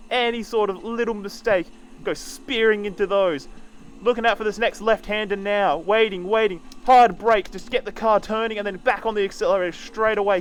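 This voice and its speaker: A man streaming a racing game, casually talking through each corner as he drives and swearing now and then. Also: sits high. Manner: casual, swears, talks while driving. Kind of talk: live sim-racing commentary.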